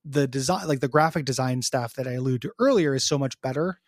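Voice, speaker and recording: A man's voice: mid-range voice, quick pace, no echo, studio quality. A man co-hosting a podcast in casual game review chat, rambling with many ums and restarts. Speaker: podcast co-host.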